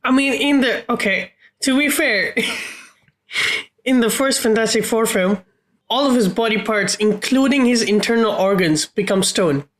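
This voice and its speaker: A woman co-hosts a podcast in relaxed chat. Her voice sits a little high. She answers dryly and bluntly, with casual swearing. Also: measured pace, rough recording. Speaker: podcast co-host.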